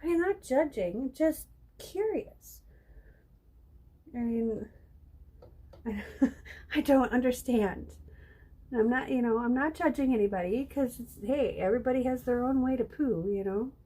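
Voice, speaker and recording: A woman's voice: fairly high pitch, measured pace, mellow. A middle-aged woman hosting a live painting stream, chatting casually and rambling to viewers while she works, with hiccups. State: has hiccups. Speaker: live-stream craft host.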